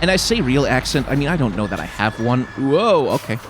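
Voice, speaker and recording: Man, light danish accent, casual gameplay commentary, rambling, thinking aloud, medium pitch, faint background hiss. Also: big pitch swings, fairly quick. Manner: rambling, thinking aloud, reads on-screen tutorial text. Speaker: YouTuber playing a driving game.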